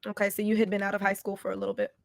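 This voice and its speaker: A woman's voice: medium pitch, completely flat delivery, rapid-fire, gravelly, no room sound, clean studio sound. A young woman hosting a podcast interview, affirming her guest and laughing often, with casual swearing. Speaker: podcast host.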